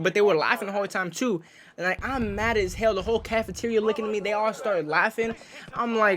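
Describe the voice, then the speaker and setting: A man's voice: sits high, fast, a little hiss or hum. Slangy young man telling a story over gunfire. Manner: slangy, animated, says "bro" often. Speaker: gaming video creator. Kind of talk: casual storytelling over gameplay. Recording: game gunfire behind voice.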